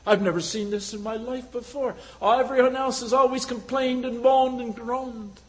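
A man voicing a Roman soldier, speaking in a quiet, marveling way. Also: very high-pitched, fairly even intonation, normal speed. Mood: amazed. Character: gruff Roman soldier, man, grown, astonished.

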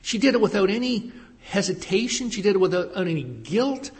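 A man's voice: high-pitched, big pitch swings, moderate pace, a little mellow. Man preaching in a reverberant hall. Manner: questioning, emphatic preaching with rhetorical questions. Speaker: pastor. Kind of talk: sermon.

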